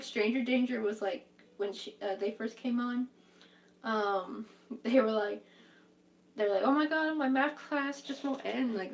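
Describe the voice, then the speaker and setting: A young woman chats her way through a crochet live stream, reacting to viewers' comments and filling her talk with "like." Her voice sits a bit high. She sounds a little distant from the microphone. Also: slight background noise. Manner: chatty, reacting to viewers' comments, heavy use of "like". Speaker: crochet livestream host. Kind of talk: casual chat while crocheting on a live stream.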